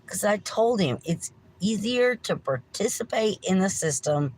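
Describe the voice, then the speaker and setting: Slow-talking woman ranting casually. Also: on the low side, expressive, low-quality recording. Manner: slow, meandering, apologetic, swearing. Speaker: livestream host. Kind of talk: casual livestream rant.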